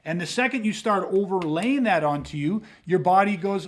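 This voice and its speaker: With a high-pitched voice at normal speed and hardly any pauses, this man co-hosts a podcast, telling animated stories in a casual, emphatic and frequently profane way.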